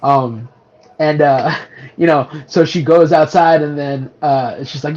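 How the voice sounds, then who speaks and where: A man's voice: a little high, steady tone, moderate pace, a little mellow, highs cut off. A man co-hosting a casual movie review podcast, rambling through the plot with many restarts and swearing. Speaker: podcast co-host.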